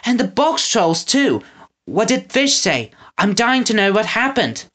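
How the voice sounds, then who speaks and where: A bold, caring young girl, voiced by a woman reading a storybook. She talks high and bouncy, brimming with eagerness. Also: big pitch swings, a little slow, fairly bright tone, exaggerated voice. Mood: excited.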